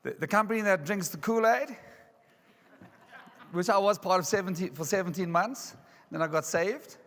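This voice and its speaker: A man from South Africa with a South African accent, giving an energetic, jokey motivational talk at a conference. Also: high voice, moderate pace. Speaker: keynote speaker. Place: large resort conference hall. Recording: reverberant hall.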